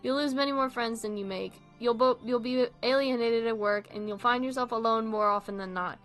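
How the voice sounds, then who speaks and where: Swearing, animated young woman host. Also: a little high, brisk, faint music behind. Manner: animated, swears freely, laughs often. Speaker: video host reading online posts. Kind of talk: casual commentary.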